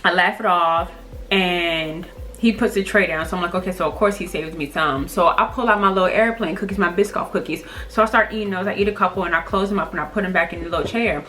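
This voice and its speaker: A woman telling a funny story in a casual vlog, blunt and animated, recorded on a camera's built-in mic. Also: fairly low pitch, quick pace, soft background music. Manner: sassy, blunt and animated, acting out quotes.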